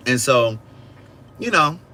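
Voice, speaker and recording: A man hosting a casual outdoor livestream, talking directly to his viewers in an animated, chatty way. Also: mid-range voice, slow, a little hiss or hum. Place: outdoors in a yard.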